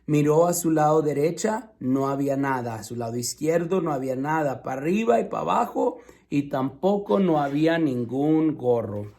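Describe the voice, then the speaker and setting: Male storyteller, slightly high voice, teacherly read-aloud with questions to kids. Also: brisk, hardly any pauses, warm tone. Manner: asks listeners questions, patient and teacherly.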